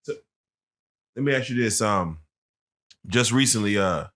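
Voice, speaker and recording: A man hosting an interview, relaxed and agreeable, asking his guest questions. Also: lowish voice, a little slow. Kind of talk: casual interview talk.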